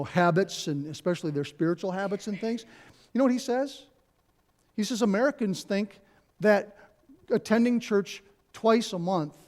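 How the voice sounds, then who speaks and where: High-voiced man preaching a sermon. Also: a little mellow. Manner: conversational preaching with repeated phrases and asides. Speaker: pastor. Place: church sanctuary.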